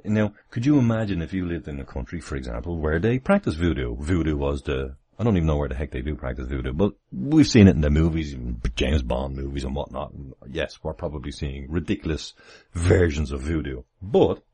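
A man hosts a casual livestream from home. His voice sits extremely low, with a husky, breathy edge. He rambles through asides and chuckles often as he talks. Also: lively intonation, a little fast, dark tone. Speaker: livestream host. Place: home, near the kitchen.

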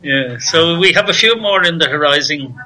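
A man's voice: a little high, normal speed, sharp tone, poor audio. A man speaking as a guest over a video call, easygoing and laughing as he explains. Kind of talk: casual interview chat. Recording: faint background noise.

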